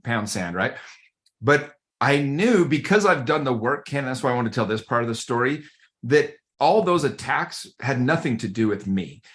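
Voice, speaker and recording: Animated male podcast guest telling a story. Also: mid-range voice. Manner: animated, conversational, addresses the host by name. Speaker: guest, men's group coach.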